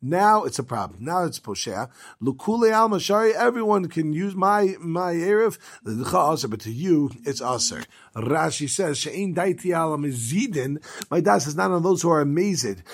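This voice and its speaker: Male Talmud teacher, casual and lively, slightly high voice, acts out quotes. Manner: reads Aramaic then explains in casual English.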